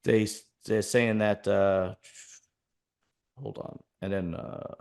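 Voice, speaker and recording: Blunt rambling man, lowish voice. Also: steady tone, slow, vocal fry, a little mellow, clean tone. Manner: rambling, blunt, many restarts. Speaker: podcast host. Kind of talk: casual chat.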